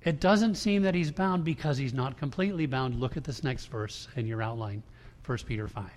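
A man's voice: medium pitch, moderate pace, a little mellow, a little hiss or hum. Man preaching in a reverberant hall. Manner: conversational preaching with restarts and emphatic quotes. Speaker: pastor. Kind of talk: sermon.

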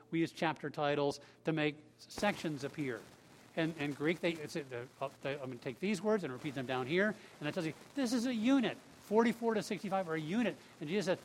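A man preaching a sermon as pastor, conversational and emphatic, with casual asides. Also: on the high side. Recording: long hall reverb.

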